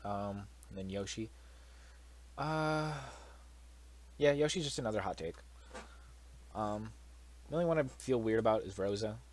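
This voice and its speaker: A man's voice: on the low side, animated, a little slow, pauses often. A young man giving casual solo commentary, blunt and swearing freely, with incredulous outbursts.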